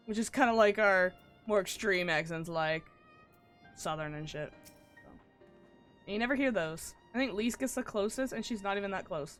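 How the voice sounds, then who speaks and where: American woman, chatty streamer, self-deprecating, middle pitch, faint game music. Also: moderate pace, a bit bright. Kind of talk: casual live-stream commentary while gaming.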